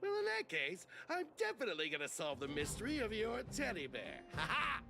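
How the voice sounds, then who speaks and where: An actor playing a prickly, defensive rival bidder who sounds touchy and boastful. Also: male voice, sits high, huge pitch swings, brisk, creaky, music in the background, exaggerated voice.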